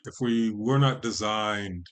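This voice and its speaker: A man, a podcast guest, talking in a measured, poetic way and lingering on long lists of words. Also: fairly low pitch. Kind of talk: slow reflective conversation.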